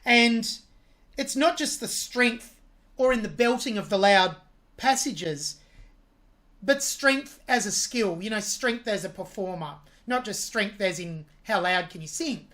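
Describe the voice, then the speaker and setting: A woman's voice: mid-range voice, expressive, a little slow, fairly bright tone. A woman hosting a music reaction video, analysing a singer's vocal technique with admiring commentary.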